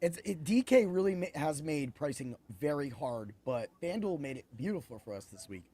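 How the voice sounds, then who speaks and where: Excitable rambling male podcast host. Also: a little high, moderate pace. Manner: excitable, rambling, self-correcting. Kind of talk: animated sports betting chat.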